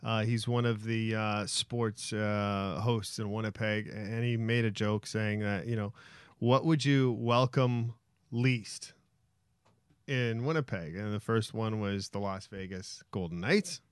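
Blunt, low-voiced male co-host. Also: flat delivery, clear, resonant tone, no room sound, studio quality. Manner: blunt, emphatic opinions, quick asides. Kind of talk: casual sports banter. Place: studio.

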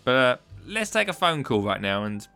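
A man's voice: medium pitch, very animated, normal speed, creaky, bright, forceful tone, faint music behind. A man hosting a casual gardening podcast, chatty and jokey in a matey way. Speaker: podcast host.

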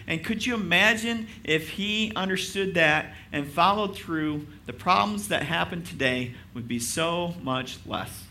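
Bright-voiced conversational male preacher. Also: a little high, measured pace, gravelly, few pauses, a little hiss or hum. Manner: casual, self-deprecating, asks the audience rhetorical questions. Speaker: pastor. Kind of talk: conversational sermon.

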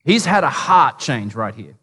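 Australian pastor preaching in a reverberant hall. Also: male voice, medium pitch, big pitch swings, a little slow, bright, forceful tone, slightly rough. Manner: casual, humorous, storytelling with asides. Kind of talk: conversational sermon. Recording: long reverb of a large hall.

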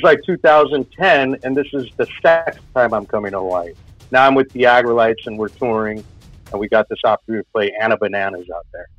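A man's voice: mid-range voice, fairly bright tone, no room sound. A man telling a personal spooky story in a casual, rambling way, full of filler words. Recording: dull lo-fi sound with faint music.

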